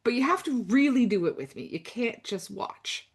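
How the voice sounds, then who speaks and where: A woman coaching listeners through spoken affirmations, slow and intimate, with dramatic pauses and drops to a near whisper. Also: fairly high pitch, very animated, breathy edge. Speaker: self-help coach. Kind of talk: guided affirmation talk.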